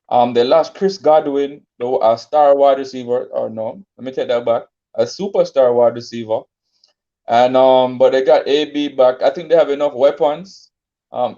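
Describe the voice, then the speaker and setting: Mellow, hesitant man debating football. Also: mid-range voice, highs cut off. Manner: laid-back, hesitant with many ums and restarts. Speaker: sports podcast co-host. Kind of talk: casual sports debate.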